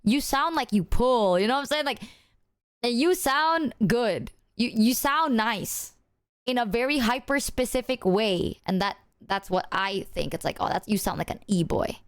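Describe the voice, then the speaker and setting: A woman's voice: fairly high pitch, lively intonation, normal speed, clean tone, dry recording, clean studio sound. A woman streamer chatting casually with her viewers in a loose, rambling way, full of filler words and swearing.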